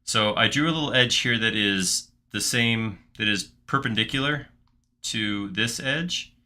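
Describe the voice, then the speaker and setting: A man with a low, very bright and forceful voice hosts a live modeling tutorial. He chats casually and thinks out loud, restarting his sentences as he clicks through the work. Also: a little slow. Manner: chatty, thinks aloud with restarts while clicking. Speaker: livestream host modeling in software.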